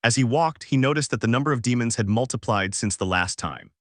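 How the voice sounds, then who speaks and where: A man narrating fan fiction in scripted narration with a flat, even reading voice on a close, dry mic. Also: mid-range voice, brisk, dry recording. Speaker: fanfic narrator.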